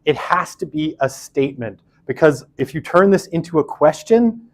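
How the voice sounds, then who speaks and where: A man's voice: on the high side, lively intonation, normal speed. A man teaches a university class in a loose, conversational way. He fills his sentences with asides and fillers and pokes fun at himself as he explains. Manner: chatty, many fillers and asides, self-deprecating. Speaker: university lecturer. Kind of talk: casual classroom lecture.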